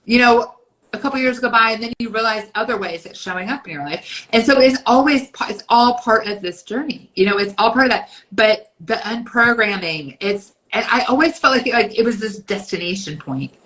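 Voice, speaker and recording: A woman in her fifties with a bright, forceful tone, speaking a little higher than most women. She talks bluntly in casual podcast chat, swearing freely and slipping into quick voiced asides. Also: poor audio. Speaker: podcast co-host.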